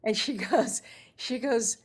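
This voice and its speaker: A middle-aged actress telling lively anecdotes as a guest, acting out the dialogue she quotes. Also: fairly high pitch, slow pace, background noise. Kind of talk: casual interview storytelling.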